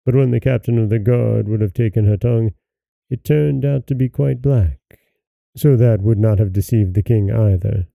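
A man hosting and narrating a folktale in a slow, measured storybook reading. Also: medium pitch, creaky, no echo, phone-quality sound. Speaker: host and narrator.

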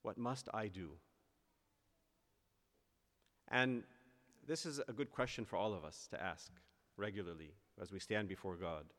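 A male priest delivers a sermon in a low voice. He builds earnestly to emphatic high points and then slows down deliberately on the phrases that matter. His words hang in the long reverb of a church. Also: expressive, fairly bright tone.

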